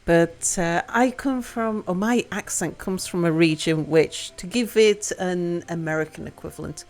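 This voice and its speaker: Livestream host: young woman, Northwest English accent with a hint of Liverpool, slow and halting, thinks out loud, soft music under her. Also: lowish voice. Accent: Northwest England, Liverpool-tinged. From Northwest England. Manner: thoughtful, halting, reads chat aloud, laughs often. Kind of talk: casual chat with live chat.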